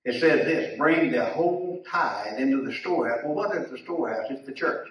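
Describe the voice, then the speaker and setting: A man's voice: mid-range voice, animated, moderate pace, fairly bright tone, slight background noise. A man teaching a Bible lesson in Sunday school, folksy and chuckling, often repeating his words. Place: church classroom. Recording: echoey room, mic far off.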